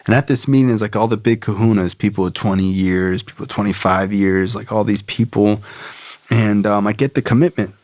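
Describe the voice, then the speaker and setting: A man's voice: fairly low pitch, fairly even intonation, a little fast, darkish tone, dry recording. A man guesting on a podcast, telling his story casually, loose and profane, with lots of fillers and quoted voices. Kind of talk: casual storytelling about recovery.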